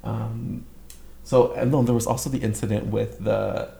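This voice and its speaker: A man's voice: on the low side, steady tone, a little fast, creaky, dark tone, reverberant. A young man from Canada telling a long story in casual chat, rambling with many filler words. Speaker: guest storyteller.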